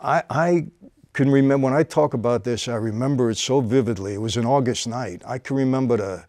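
A man, hosting and telling a personal story in casual conversation, often dropping to a low quiet voice at the tense moments. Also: brisk, no room sound.

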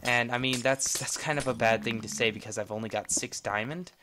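A man chats through his game session in casual let's-play style, jumping between rambling asides and excited exclamations. His voice sits at an ordinary middle pitch. A clear hiss of background noise runs under the home mic recording. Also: fairly quick. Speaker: gameplay video host.

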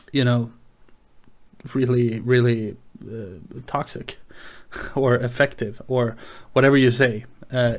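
A male vlog host chats in a slow, unhurried way, stumbling and restarting his sentences. His voice sits at an ordinary middle pitch, and he keeps the tone casual and low-key. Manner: rambling, hesitant, with many restarts. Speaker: gaming channel host. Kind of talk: casual late-night vlog chat.

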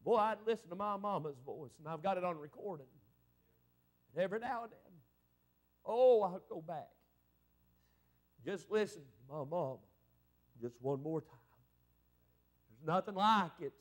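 A high-pitched male evangelist delivers a revival sermon. He is middle-aged, and his preaching swells into fervent, rising exclamations. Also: lively intonation, measured pace, pauses often.

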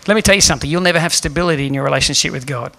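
Bright-voiced male preacher. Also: on the high side, very fast, vocal fry. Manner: earnest, emphatic preaching with rhetorical questions. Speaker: pastor. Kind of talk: sermon. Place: church hall.

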